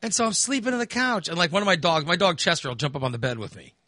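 A man's voice: a little high, very animated, racing, sharp tone, no echo, studio quality. A man hosting a podcast, telling stories in casual chat with laughs and voiced asides. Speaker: podcast host.

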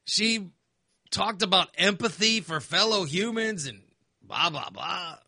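A man's voice: sits high, gravelly, pushed and bright, dry recording, clean studio sound. A man ranting casually, exasperated and sarcastic, sounding fired up. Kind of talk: casual opinion rant.

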